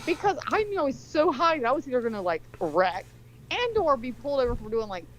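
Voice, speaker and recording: A woman's voice: high-pitched, fast, rough recording. A woman in her forties telling a long rambling story in casual chat, swearing often. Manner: rambling, profane, animated storyteller.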